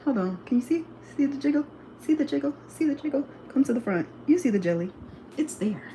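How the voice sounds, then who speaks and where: A woman's voice: sits high, expressive, fairly quick, warm tone, reverberant. A young woman vlogging in casual chat, talkative, laughing often and swearing freely. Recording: noisy home recording.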